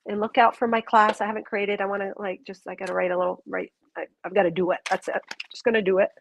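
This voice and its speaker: A woman's voice: medium pitch, flat delivery, quick pace, vocal fry, a little hiss or hum. Earnest woman giving a spiritual reading. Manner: earnest, gushing, rambling with restarts. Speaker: intuitive reader. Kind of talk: live spiritual reading to a viewer.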